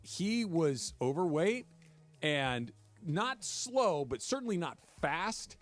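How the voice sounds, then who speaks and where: A man co-hosting a sports radio show, chatting casually and telling animated stories. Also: a little high, takes it slowly, soft background music.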